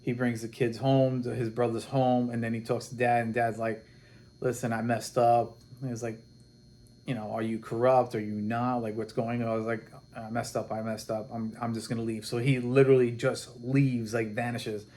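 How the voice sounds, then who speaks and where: A man casually recapping a comic book plot, animated and rambling, acting out the characters' lines as he goes. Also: medium pitch, normal speed. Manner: rambling and animated, with many restarts and quoted dialogue.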